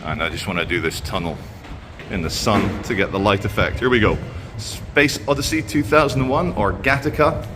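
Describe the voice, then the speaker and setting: Strolling outdoors through city streets and a mall, the vlog host chats at a normal speed in a fairly low voice. He films on a handheld phone and wanders off into sardonic remarks amid background noise.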